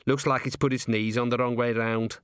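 A tiny, scrappy gnome rat-catcher, blunt and cheeky with rough slangy grammar, as a man reads him. He talks at a middling pitch, matter-of-fact. The sound is close and dry, a storybook reading. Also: flat delivery, normal speed, a bit bright, no room sound, close to an everyday voice.

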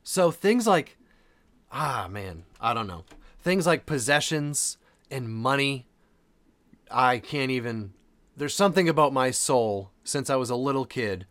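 A man's voice: mid-range voice, animated, a little slow, fairly bright tone. A man hosting a podcast, talking casually and earnestly, repeating phrases for emphasis. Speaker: podcast host.

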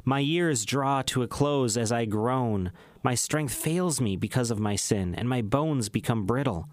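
A man reading the Bible aloud in a measured, solemn way, slowing down on emphatic phrases. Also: mid-range voice, no room sound, clean studio sound. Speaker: scripture reader.

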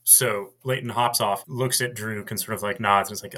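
Male player, low and bright, full of questions. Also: fairly even intonation, normal speed. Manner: asks questions, hedges with "like". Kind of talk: tabletop game play.

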